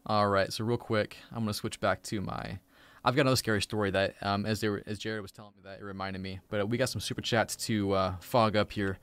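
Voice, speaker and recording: A man's voice: on the low side, fairly even intonation, fairly bright tone, smooth. Laid-back male stream host. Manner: laid-back, reacts with quick exclamations. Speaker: show host. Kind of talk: live stream chat.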